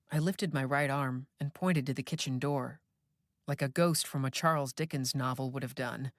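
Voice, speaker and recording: An audiobook narrator reading a first-person horror tale in a measured, reflective manner, close to a studio mic. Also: medium pitch, no echo.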